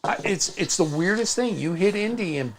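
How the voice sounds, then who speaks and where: A man's voice: high-pitched, animated, moderate pace, a little hiss or hum. A man with a Midwestern accent co-hosting a casual crafting livestream, chatting and reading out viewer comments. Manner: chatty, storytelling, reads out comments.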